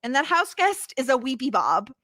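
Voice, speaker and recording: This podcast co-host is a woman with a high, sing-song, pushed and bright voice, speaking at a moderate pace. She chats casually and enthusiastically, gushing as she goes, in a dry, clean studio recording.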